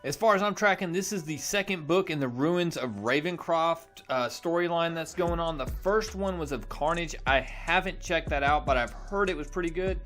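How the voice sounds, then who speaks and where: A man's voice: a little high, moderate pace, few pauses, a bit bright. A man casually reviewing a comic preview in a chatty, self-deprecating way.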